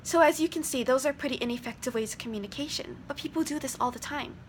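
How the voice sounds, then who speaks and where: A woman's voice: high-pitched, fast, a little hiss or hum. A woman in her twenties, earnestly explaining ideas from her studies in a casual vlog. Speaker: vlogger.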